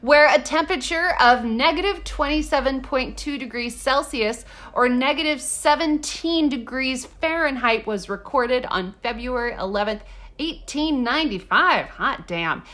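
A woman co-hosting a chatty podcast with a fairly high voice. She jokes sarcastically and swears casually. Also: lively intonation, measured pace, fairly bright tone. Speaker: podcast co-host. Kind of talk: casual chat.

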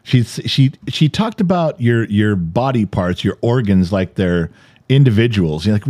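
Joking middle-aged man, lively low voice. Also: normal speed, no echo. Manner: joking, teasing, acts out quotes. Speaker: podcast co-host, husband. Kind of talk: casual chat.

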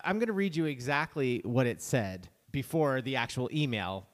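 A man's voice: mid-range voice, lively intonation, normal speed, big-room sound. A man co-hosting a podcast in casual, joking chat. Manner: chatty, joking, wry. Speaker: podcast co-host.

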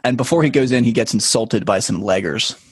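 A man's voice: on the low side, brisk, husky, no room sound. A man co-hosting a casual podcast chat, laying out the plot of a TV episode in a laid-back way. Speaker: podcast co-host.

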